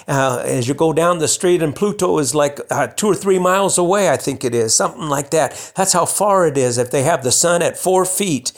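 A man's voice: on the high side, moderate pace, few pauses. A man preaching a sermon in a conversational way, restarting phrases and building to emphatic bursts.

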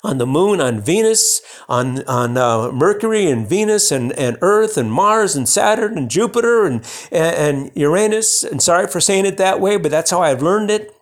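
A man preaching a sermon in a loose, conversational way. His voice sits a little high, and he often stumbles and restarts before climbing into emphatic, rising bursts. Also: animated, normal speed, few pauses.

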